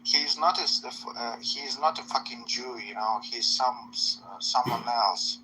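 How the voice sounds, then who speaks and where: A man with a Russian accent in a casual voice chat, his tone sharply bright. He speaks halting, broken English and often breaks into laughter. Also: medium pitch, steady tone, slight background noise, rough recording. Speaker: voice chat participant.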